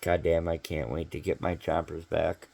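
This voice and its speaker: Casting: low-voiced man with a gravelly fry, loose, profane vlog storyteller. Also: flat delivery, normal speed, a little mellow. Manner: rambling, filler-heavy, profane. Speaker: vlogger telling a story. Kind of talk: casual storytelling monologue.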